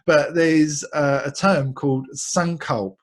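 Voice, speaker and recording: Essex bloke, husky voice, friendly meditation teacher who keeps it light. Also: male voice, a little high, steady tone, takes it slowly. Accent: Essex English. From Essex, England. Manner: light-hearted, repeats words, laughs often. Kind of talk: guided meditation talk.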